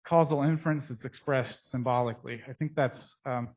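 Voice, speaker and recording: A man giving a conference lecture on his research, speaking in a technical, halting way with frequent pauses, into a microphone. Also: medium pitch, fairly even intonation, a little mellow. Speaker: scientist presenting research. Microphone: speaking into a mic. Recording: dull, muffled through a face mask.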